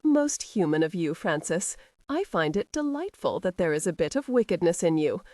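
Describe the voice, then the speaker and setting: A woman's voice: on the low side, very animated, normal speed, dark tone, no echo. A woman voicing a mocking, drawling aristocratic husband in an audiobook romance.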